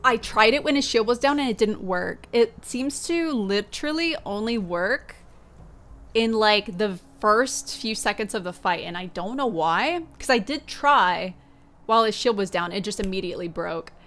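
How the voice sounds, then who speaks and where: A woman streaming a video game, shouting in panic during fights and thinking aloud calmly between them. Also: mid-range voice, moderate pace. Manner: panicky shouting, then calm musing. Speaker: gaming streamer. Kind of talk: live gameplay commentary.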